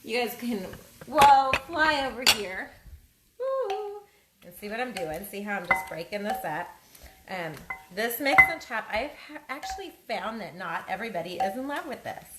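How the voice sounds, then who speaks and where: A woman's voice: on the high side, very animated, moderate pace. Chatty woman cooking in an echoey kitchen. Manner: chatty, rambling, self-deprecating. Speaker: cooking show host. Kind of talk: casual live cooking demonstration. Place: home kitchen. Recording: echoey kitchen, loud frying noise. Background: sizzling pan and kitchen clatter.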